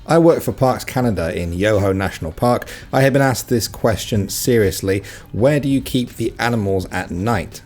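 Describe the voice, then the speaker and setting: A man's voice: lowish voice, moderate pace, few pauses, darkish tone. A man reading reddit stories aloud in a casual way, adding wry, joking comments between them. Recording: faint music behind.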